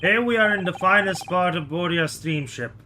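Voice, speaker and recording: A gruff, burly ship's guard barks out clipped broken English, as a man puts him on. The voice sits fairly high for a man. A steady hiss runs under the recording. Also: moderate pace. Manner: blunt, rude, clipped broken-English phrasing.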